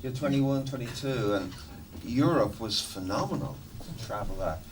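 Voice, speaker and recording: Man, middle-aged, animated storyteller, swears and laughs, distant mic, noisy background. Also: mid-range voice, normal speed. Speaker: musician guest. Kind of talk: casual storytelling interview.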